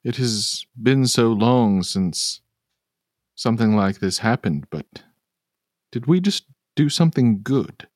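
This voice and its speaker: Man, player, in character, hesitant, slow, dry sound. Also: medium pitch, lively intonation, darkish tone, no echo. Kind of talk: role-playing in character.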